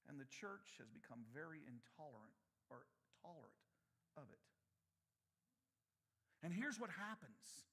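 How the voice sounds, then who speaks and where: A man's voice: on the high side, sing-song, unhurried, long pauses, pushed and bright. A middle-aged man preaching a sermon as pastor, telling stories and acting out the voices of people in them. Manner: storytelling, acting out voices in his anecdotes.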